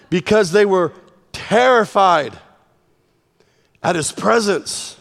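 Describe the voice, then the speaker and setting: A high-pitched male preacher tells a story with energy, swinging between soft and loud. His voice carries a long reverb, like a large church hall. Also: a little slow, creaky. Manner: animated storytelling with sudden swings in volume. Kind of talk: sermon.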